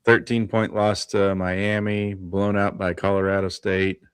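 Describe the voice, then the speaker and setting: A man co-hosting a casual sports talk show, rattling off scores and records in a relaxed, chatty way. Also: low-pitched, clear, resonant tone, no room sound. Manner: runs through stats in quick lists, laughs often. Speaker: podcast co-host.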